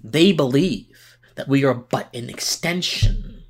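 A man's voice: medium pitch, takes it slowly, breathy edge. A tired man hosting a political podcast, giving passionate commentary with emphatic restarts and repeated words.

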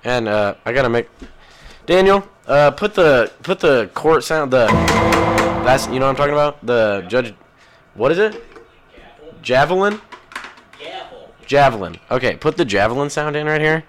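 Animated, profane young-sounding podcast host man. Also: medium pitch, moderate pace, over music. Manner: crude, profane, rambling and jumpy. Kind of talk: casual rambling podcast chat.

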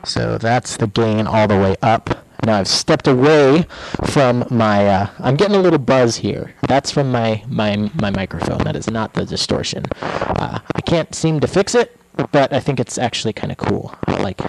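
A man walking through a modular synth patch in a casual, halting demo, with many fillers and restarts. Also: medium pitch, lively intonation, vocal fry, a little mellow, a little hiss or hum, poor audio. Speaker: guest musician demoing a modular synth patch. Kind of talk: casual hands-on demo talk.

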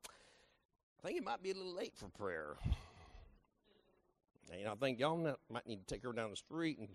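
Animated pastor preaching a story. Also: male voice, medium pitch, moderate pace. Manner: folksy and animated, builds to loud emphatic peaks. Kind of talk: sermon with personal storytelling.

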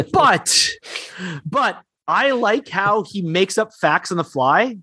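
A man's voice: sits high, lively intonation, pushed and bright, breathy edge, no echo, studio quality. Rambling, upbeat man on a podcast. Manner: rambling, enthusiastic, quick asides. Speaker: podcast co-host. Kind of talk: casual podcast chat.

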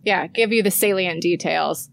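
A woman's voice: normal speed, gravelly, dry recording. Chatty woman co-host, dry close sound. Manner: animated storytelling with high-pitched impressions. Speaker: podcast co-host. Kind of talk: casual chat.

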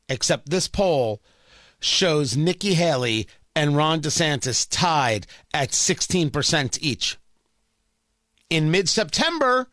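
A man's voice: high-pitched, pushed and bright, no room sound, studio quality. A man hosting political talk radio, giving emphatic, opinionated commentary and repeating phrases for effect.

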